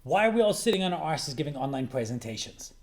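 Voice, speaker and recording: A middle-aged man coaching on presentations in a brash, animated vlog style, swearing freely for emphasis. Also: a little high, fast. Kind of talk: energetic talking-head vlog. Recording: faint guitar music underneath.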